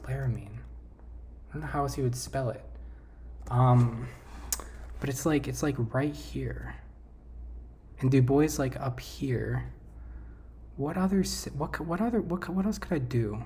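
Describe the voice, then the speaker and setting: Vlogger, casual thinking-aloud chatter, mid pitch, light hiss underneath. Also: unhurried, pauses often, dark tone. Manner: thinking aloud, trailing off, self-correcting. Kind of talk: casual talk over a map quiz game.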